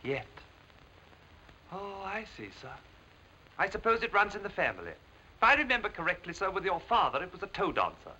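A man's voice: high voice, very animated, moderate pace, pauses often, sharp tone, full character voice. An actor playing a deferential male valet in a 1930s film, polite and dry with sly understatement. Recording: noisy old film soundtrack.

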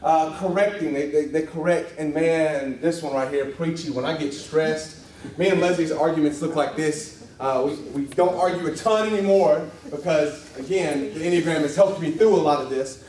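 Animated high-voiced man teaching a class. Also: normal speed. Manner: animated, acts out quoted voices, laughs often. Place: church classroom. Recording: echoey room, distant mic, faint hiss.

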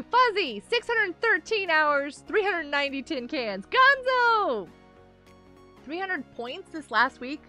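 Bubbly high-voiced woman streaming games. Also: pushed and bright. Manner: chatty, giggly, reads chat aloud. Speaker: livestream host. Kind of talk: casual gaming livestream chat.

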